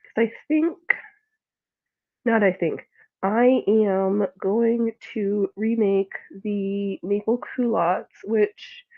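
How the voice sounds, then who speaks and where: A woman chatting casually while she sews, rambling and yawning between tasks. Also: mid-range voice. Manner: chatty, rambling, with yawns and laughs; breaks into playful sports-style commentary. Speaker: sewing vlogger. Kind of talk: casual chat while sewing. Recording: tinny phone-like audio.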